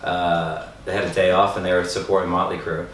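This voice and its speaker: A man's voice: sits low, fairly quick. A man in a band telling stories with lots of swearing in a casual interview. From Isle of Man. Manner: swearing, animated storyteller. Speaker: band member. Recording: echoey room, voice from mic distance, faint noise.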